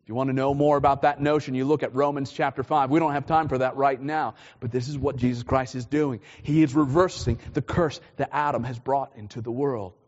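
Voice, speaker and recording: A pastor preaching a sermon, explaining a Bible passage in a loose, conversational way with frequent restarts. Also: male voice, medium pitch, steady tone, brisk, hardly any pauses, darkish tone, big-room sound, highs cut off. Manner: conversational preaching, repeats words when restarting.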